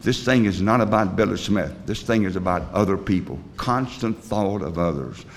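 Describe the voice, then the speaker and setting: Older man, low voice, rambling story. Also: moderate pace, slight background noise. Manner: rambling storytelling with many fillers and restarts; plain, blunt working-class talk. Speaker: recovery meeting speaker. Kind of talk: personal recovery story, told to a group.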